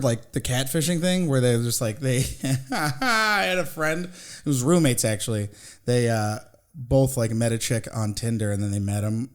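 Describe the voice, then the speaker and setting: A man in his thirties hosting a podcast, high and telling stories in a loose, laughing way. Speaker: podcast host. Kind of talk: casual chat.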